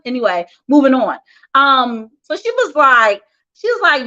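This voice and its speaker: A woman reads celebrity headlines in a high, bright voice and breaks off for frank, opinionated side comments. The recording sounds dull and lo-fi. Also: animated, brisk. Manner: chatty, opinionated asides with laughs. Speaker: host reading celebrity news. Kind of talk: casual gossip news commentary.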